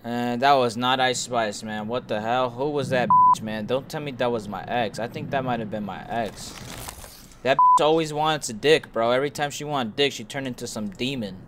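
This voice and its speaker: A young man streaming a horror game, joking and swearing to his chat as he plays, and shouting when something startles him. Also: medium pitch, huge pitch swings, normal speed, very noisy. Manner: joking, profane, talks to himself. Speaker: gaming streamer. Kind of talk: let's play commentary to chat.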